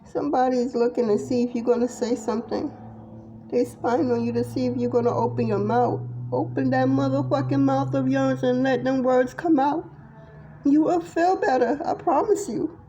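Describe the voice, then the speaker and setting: A woman's voice: high voice, steady tone, moderate pace, mellow, faint music behind. A middle-aged woman giving a tarot reading monologue to viewers, blunt, profane and impassioned. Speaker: tarot reader.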